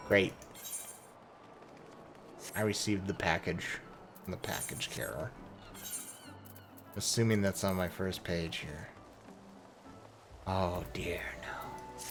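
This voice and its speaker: A man's voice: low voice, slow, long pauses, over music. A man giving casual, laid-back gameplay commentary as a streamer, dropping profane asides. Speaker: game streamer.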